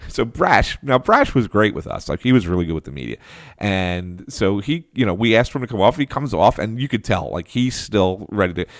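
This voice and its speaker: Low-voiced man telling a story. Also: brisk, no room sound, clean studio sound. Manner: animated, frequent restarts and laughs. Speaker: hockey reporter guest. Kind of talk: casual anecdote telling.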